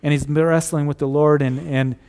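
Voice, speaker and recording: A man preaching a sermon, earnest and steady, repeating key phrases and dropping to a hush on solemn lines. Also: on the high side, moderate pace, clean tone. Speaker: pastor.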